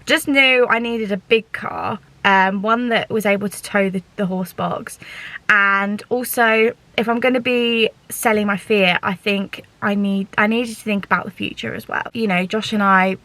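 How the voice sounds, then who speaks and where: A young woman chatting casually and excitably to camera in a vlog, with lots of fillers and self-corrections. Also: mid-range voice, normal speed, dry recording, poor audio. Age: young adult. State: sore throat. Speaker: vlogger and small business owner.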